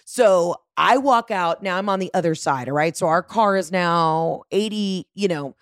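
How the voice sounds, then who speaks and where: A woman's voice: on the low side, normal speed, dry recording, clean studio sound. A woman telling a story in casual chat, profane, frantic and self-mocking.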